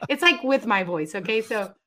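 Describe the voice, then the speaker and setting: Animated woman giving faith testimony. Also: mid-range voice, moderate pace. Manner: emphatic, animated storyteller with sudden loud bursts. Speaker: guest. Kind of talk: conversational testimony.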